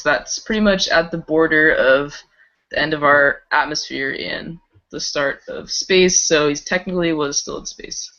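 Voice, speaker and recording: A woman's voice: lowish voice, pushed and bright. A woman co-hosting a casual live-streamed chat, giggling as she shares fun facts. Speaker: podcast co-host. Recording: dull lo-fi stream audio.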